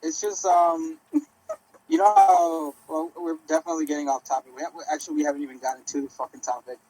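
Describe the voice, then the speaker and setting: A man's voice: fairly high pitch, lively intonation, fairly quick, dark tone, husky, poor audio. A young man, a guest on a casual podcast, rambling through stories, swearing casually and laughing. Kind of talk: casual chat.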